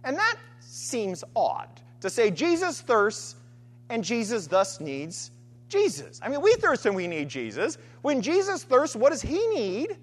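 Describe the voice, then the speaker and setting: Woman preaching with a very lively pitch. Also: a little slow. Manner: repetitive rhetorical questions and refrains. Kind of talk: sermon. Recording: long hall reverb.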